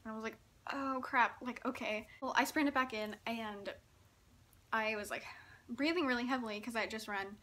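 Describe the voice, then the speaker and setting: A young woman telling a story in a casual vlog, giggling often and talking in an excitable, breathless way full of fillers. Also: a little high, fairly quick. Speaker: vlogger.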